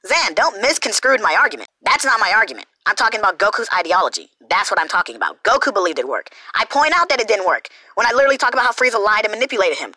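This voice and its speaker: A woman's voice: medium pitch, pushed and bright, dry recording, rough recording. A young woman hosting an unscripted response video, rambling and correcting herself as she talks. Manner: rambling, self-correcting, frequent laughs. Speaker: YouTube reaction host.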